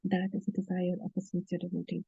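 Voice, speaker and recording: A woman's voice: fairly low pitch, completely flat delivery, fast, vocal fry, dark tone, slightly rough, no echo, lo-fi sound. A woman giving an earnest devotional talk, retelling scripture stories with many fillers and restarts. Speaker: devotional speaker.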